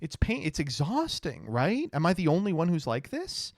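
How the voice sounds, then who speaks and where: A man's voice: on the high side, huge pitch swings, moderate pace, dry recording, studio quality. A man streaming casual reaction commentary, sarcastic and laughing often, with plenty of swearing. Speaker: streamer reacting to clips and tweets.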